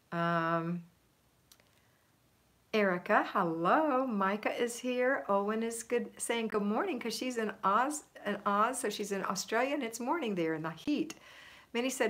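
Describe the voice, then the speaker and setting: A woman's voice: medium pitch, fairly bright tone. A woman hosting a casual live stream from home, chatting and reading viewer comments aloud. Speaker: livestream host.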